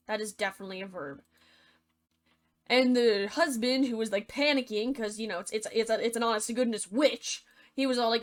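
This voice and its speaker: A woman's voice: fairly high pitch, fairly quick. A young woman retelling a fairy tale as a comedy, chatty and full of sarcastic asides. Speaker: storyteller.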